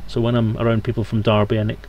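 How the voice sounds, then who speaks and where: A man's voice: fairly low pitch, completely flat delivery, fast, darkish tone, a little hiss or hum. A British man from Scotland, streaming a game and chatting casually with his viewers as he plays. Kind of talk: casual live-stream gaming commentary.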